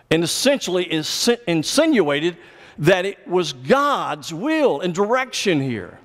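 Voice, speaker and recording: A man's voice: high-pitched, big pitch swings, a little slow, a bit bright. A male pastor preaching a sermon, explaining scripture and pressing his points with emphatic, repeated commands. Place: church sanctuary. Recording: long church reverb.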